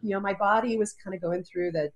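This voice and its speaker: Woman interview guest, mid-pitched, earnest and searching, restarts her sentences often. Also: quick pace, rough recording. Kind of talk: casual interview talk. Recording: audio-only interview.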